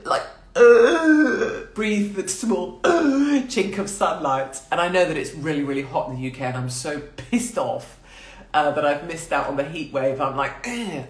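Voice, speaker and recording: Woman, forties, crude and irreverent, rambling livestream chat, phone mic, echoey small room. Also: deep voice. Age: 40s. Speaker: livestream host. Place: small hotel quarantine room.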